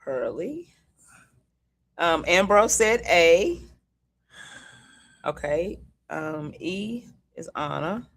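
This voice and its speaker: A woman co-hosting a community show, reading trivia questions slowly and deliberately and laughing often. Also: lowish voice, expressive. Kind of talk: casual radio-style chat, game quiz.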